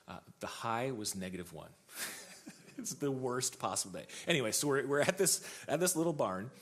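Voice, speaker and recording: A man's voice: mid-range voice, animated, moderate pace, a bit bright. A young adult man preaching a sermon as pastor, telling stories in a casual way with many restarts and repeated words.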